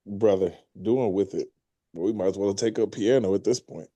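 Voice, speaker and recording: Laid-back young man, low mellow voice. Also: normal speed. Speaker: podcast co-host. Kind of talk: casual chat.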